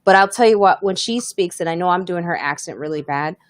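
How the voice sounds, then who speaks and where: A woman's voice: on the low side, fast talker, dry recording. A woman comedian hosting a casual live podcast, talking candidly and reading viewer comments aloud.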